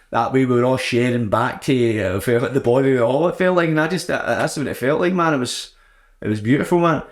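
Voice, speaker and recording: A man's voice: medium pitch, fast talker. Sweary man telling a story. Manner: blunt, sweary, animated storytelling. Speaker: podcast host. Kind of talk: casual solo chat.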